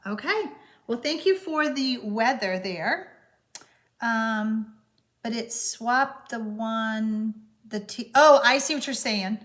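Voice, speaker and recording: A woman's voice: a little high, animated, takes it slowly, a bit bright. A woman hosting a live-streamed card-making class, chatting loosely with viewers and answering their comments, with frequent hesitations.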